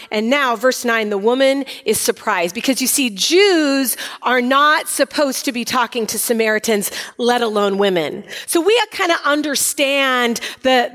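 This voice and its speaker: A woman teaching a Bible passage in a chatty, animated way, acting out the quoted lines with sass. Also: sits high, long reverb tail.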